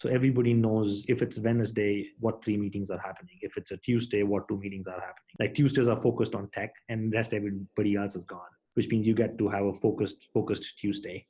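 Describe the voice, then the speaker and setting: Man, business guest, quick speech, mellow darkish tone, repeats words as he goes, explains company routines. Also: fairly low pitch, steady tone, husky, low-quality recording. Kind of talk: interview conversation.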